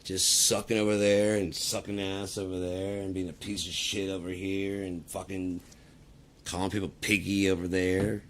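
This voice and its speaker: A man's voice: deep voice, flat delivery, normal speed, slight background noise. A man ranting in a casual, profane and rambling way, talking to the camera. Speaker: vlogger. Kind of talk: casual rant.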